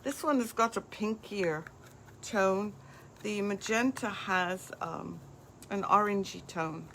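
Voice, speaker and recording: A woman's voice: mid-range voice, slow, fairly bright tone, slight background noise. A woman hosting a live craft demonstration, chatting as she walks viewers through each step. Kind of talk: live craft product demo.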